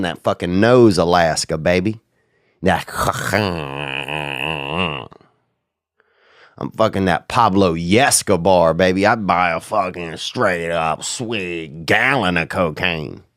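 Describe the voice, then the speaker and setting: A man's voice: on the low side, clean tone, dry recording, clean studio sound. A sick, sniffling man hosting a podcast, riffing in a crude, slangy, rambling comic monologue. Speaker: podcast host.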